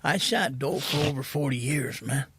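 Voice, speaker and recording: There's background noise as a middle-aged man, a podcast guest, talks about his recovery. He's soft-spoken and halting yet expressive, with a medium pitch and a habit of saying "man."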